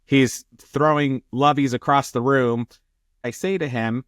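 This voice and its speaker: A man's voice: mid-range voice, steady tone, unhurried, a bit bright, dry recording. Guy co-hosting a podcast, mid voice, plays devil's advocate, dry sound. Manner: questioning, playing devil's advocate. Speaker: podcast co-host. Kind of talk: podcast conversation.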